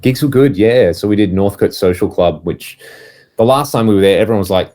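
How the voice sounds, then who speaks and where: A man's voice: fairly low pitch, brisk, warm tone. A man, co-hosting a casual podcast chat, telling stories animatedly and acting out the voices of people he quotes. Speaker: podcast co-host, touring musician.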